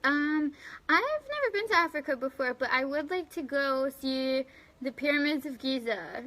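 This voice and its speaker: A woman's voice: sits high, animated, moderate pace, pushed and bright. A young woman hosting a casual live stream, chatting loosely and giggling as she answers viewers by name. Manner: loose and rambling with fillers. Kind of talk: casual live chat reading viewer comments.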